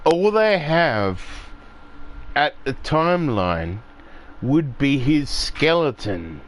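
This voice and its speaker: Man gaming streamer, casual profane rant, animated pitch, slow delivery, faint hiss behind. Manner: profane, ranting, voice jumps high when riled. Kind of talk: casual rant while playing.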